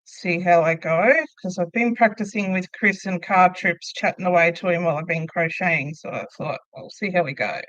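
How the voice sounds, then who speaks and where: Middle-aged woman, relaxed crochet-stream host, chatty and laughing often; muffled, dry home-mic sound. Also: fairly low pitch, moderate pace, few pauses, no room sound. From Australia. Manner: chatty, laughs often, answers viewer comments aloud. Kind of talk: casual live chat while crocheting.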